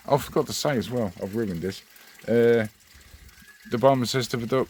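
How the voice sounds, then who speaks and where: This channel host speaks briskly in a voice on the low side, with background noise behind him. He addresses viewers in a casual, rambling, friendly vlog style.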